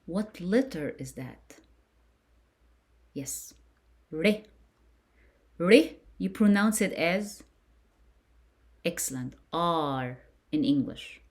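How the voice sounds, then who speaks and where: Patient woman teacher, low and very slow, drilling sounds for beginners with steady praise. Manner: patient and encouraging, praising each answer. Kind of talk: slow beginner lesson with call-and-repeat drills.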